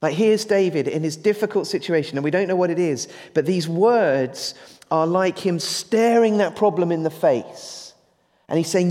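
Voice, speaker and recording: A man's voice: high voice, moderate pace, darkish tone. A man preaching an evening sermon, earnest and questioning, growing emphatic as he presses his point. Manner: earnest, building to emphatic, asks the congregation questions. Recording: long hall reverb.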